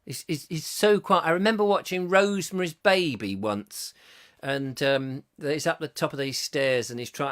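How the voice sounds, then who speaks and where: A man's voice: mid-range voice, a bit bright. A man with an English accent hosting a casual live-stream chat, rambling and joking as he reads viewer comments aloud. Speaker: host.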